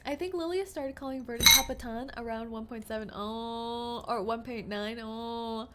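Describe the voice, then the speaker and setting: Heavy background noise surrounds a young woman streaming a narrative game at normal speed, her voice fairly high. She reads the game's text aloud and reacts with playful excitement, frequent laughter, gasps, and jokes between lines.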